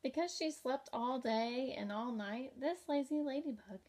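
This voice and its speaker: A young woman teacher reads a picture book to small children in a slow, unhurried way, leaving room between phrases. Her voice sits a little high, and she keeps it gentle and expressive, often stopping to ask the listener what comes next.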